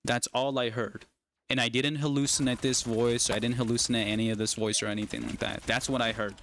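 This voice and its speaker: A man's voice: medium pitch, little pitch movement, brisk, a bit bright, slight background noise. A young man telling a long personal story on a casual stream, rambling and tagging nearly every phrase with "right?". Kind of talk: casual chat while gaming on a stream.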